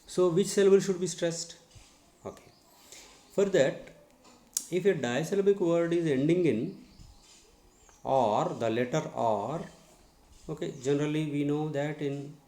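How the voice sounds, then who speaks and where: In a slow spoken lesson, a man with an Indian English accent teaches English pronunciation, repeating words to model stress and drilling his students. His voice is a little high and dark in tone, and the room sounds echoey.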